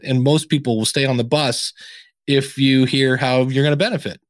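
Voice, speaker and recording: A man from Ohio chats animatedly as a podcast guest, a consultant in a casual interview, acting out quoted voices with big pitch jumps. He speaks at normal speed, and the clean studio recording has no room sound.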